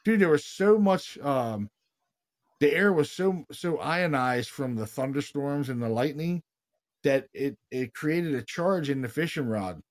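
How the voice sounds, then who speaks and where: A man hosting a paranormal podcast, telling stories in a casual, animated way, swearing freely and saying "dude" a lot. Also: on the high side, a little slow. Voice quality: animated storyteller, swears freely, says "dude" and "you know what I mean" a lot. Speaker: podcast host, paranormal investigator. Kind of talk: casual chat.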